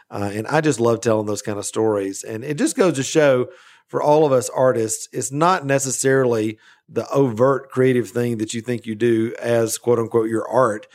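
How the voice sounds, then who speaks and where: A man's voice: mid-range voice, darkish tone. A man hosting a faith-based podcast, talking earnestly and enthusiastically with frequent fillers. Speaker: podcast host. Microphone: remote video call.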